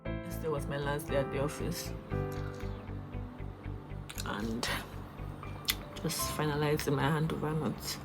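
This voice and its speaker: Tearful woman vlogging, soft and low. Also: a little slow, long pauses, over loud music. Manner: emotional, soft-spoken. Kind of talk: vlog talk to camera.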